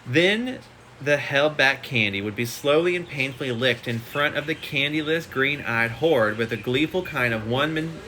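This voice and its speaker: Bright-voiced man reading aloud. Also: mid-range voice, animated, moderate pace, slight background noise. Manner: reads steadily with chatty asides. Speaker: shop owner reading a book aloud. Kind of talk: casual live read-aloud. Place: home. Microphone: phone.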